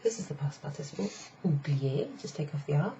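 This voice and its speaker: A middle-aged woman with a low, gravelly, mellow voice gives a casual online French lesson. She is chatty and explains step by step, repeating phrases slowly. The sound is slightly dull and lo-fi, with a faint hiss behind her. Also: animated. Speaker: French teacher.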